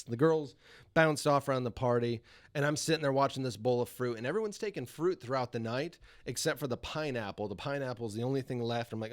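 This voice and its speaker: Animated young man telling a wild story. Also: mid-range voice, quick pace. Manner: animated, swearing, laughs through the story. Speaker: podcast guest. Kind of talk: casual storytelling.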